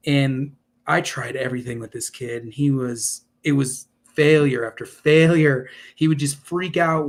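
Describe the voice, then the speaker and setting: A man in his forties, a podcast guest telling his story in an earnest, rambling way with many restarts. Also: medium pitch. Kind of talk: casual interview storytelling.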